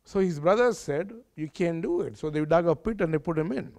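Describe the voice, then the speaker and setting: A man's voice: on the high side, animated, a little fast, creaky, darkish tone. A man preaching a sermon in a church hall, earnest and conversational, often putting questions to his audience.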